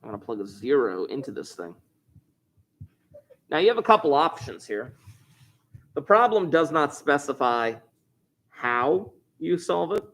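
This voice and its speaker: A man's voice: medium pitch, very animated, normal speed, pauses often, fairly bright tone. A man teaching a math review lesson, chatty and jokey, thinking aloud as he works through problems. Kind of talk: recorded class review lesson.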